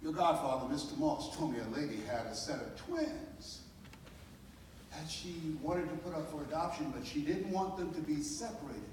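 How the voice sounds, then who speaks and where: An older American man giving a live inspirational speech, telling a story with dramatic pauses and building to a preacher-like cadence. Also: a little high, a little mellow, slight background noise. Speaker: motivational speaker. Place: large hall with a live audience. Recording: echoey hall from far off.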